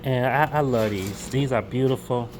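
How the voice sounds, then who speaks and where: A man talking casually in a vlog as he shows off his new sneakers, relaxed and loose, often repeating words as he goes. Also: mid-range voice, normal speed, background noise. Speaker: sneaker collector showing his pickups.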